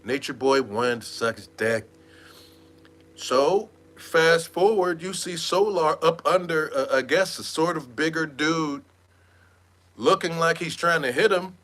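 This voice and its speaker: A man with a bright, forceful voice runs an animated gossip commentary, mocking and slangy. His pitch sits a bit high for a man. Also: unhurried. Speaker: online commentator.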